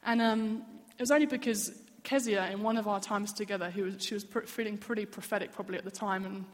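Woman preacher, mid-pitched, candid storytelling, long church-hall reverb. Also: steady tone, quick pace. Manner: earnest, candid, personal storytelling. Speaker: church speaker. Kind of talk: sermon.

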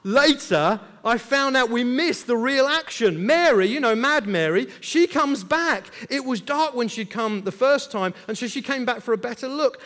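A man with a high voice tells a Bible story as one of the disciples, joking along and dropping in asides. His chatty, lively delivery rings out in a big hall, and a long reverb trails after every phrase. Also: moderate pace. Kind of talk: comic first-person Bible retelling. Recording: long echo of a large hall.

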